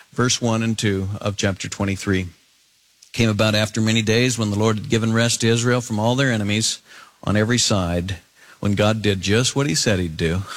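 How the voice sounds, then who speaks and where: A man preaching an expository sermon, animated, swinging from soaring high phrases down to low, emphatic tones. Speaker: pastor.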